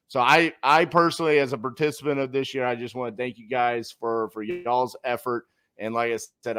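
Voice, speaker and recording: A man's voice: medium pitch, fairly bright tone, clear, resonant tone. A man hosting a casual interview podcast, talking in an upbeat, enthusiastic way. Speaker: podcast host.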